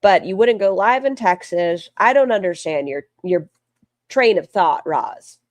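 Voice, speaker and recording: A woman's voice: medium pitch, lively intonation, unhurried, no echo. A woman streamer giving casual live commentary on a video, with blunt, sarcastic asides.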